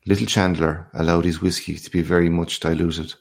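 A man narrating a classic short story in a measured, unhurried audiobook reading. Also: sits low, level tone, gravelly, breathy edge.

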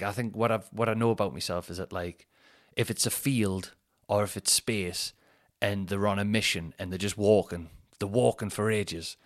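A man chats on his own podcast. He rambles through his thoughts, pokes fun at himself and swears casually, in a voice that sits a bit low. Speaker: comedian podcast host. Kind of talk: casual solo chat.

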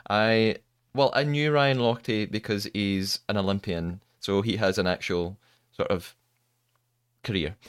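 Guy hosting a podcast, lowish voice, super dry sound, chatty and laughs a lot. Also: fairly even intonation, unhurried, clean tone, dry recording. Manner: chatty, asks questions, laughs easily. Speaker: podcast host. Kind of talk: casual chat.

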